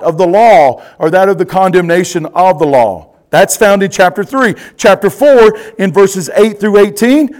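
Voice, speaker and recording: Pastor in his forties, high tenor, lively teaching sermon, keeps checking "you ready?". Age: 40s. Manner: animated, asks the listeners questions and repeats "you ready?". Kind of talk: expository Bible teaching sermon.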